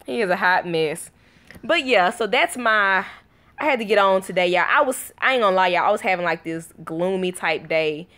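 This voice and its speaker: A woman's voice: medium pitch, animated, moderate pace, a bit bright. A woman chatting casually to her viewers at home, tired after a night of little sleep, telling a story in a loose, conversational way and calling her audience y'all. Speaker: vlogger.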